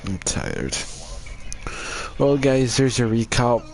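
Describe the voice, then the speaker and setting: A man hosting a gaming channel, talking through a casual game recap in a relaxed, rambling way with hesitant fillers. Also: medium pitch, slow, noisy background.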